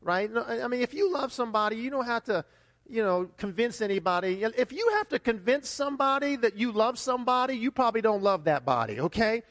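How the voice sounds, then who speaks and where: High-voiced animated pastor in a reverberant hall. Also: male voice, brisk. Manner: animated, repeats words, acts out highs and lows with exclamations. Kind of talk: sermon. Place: church sanctuary.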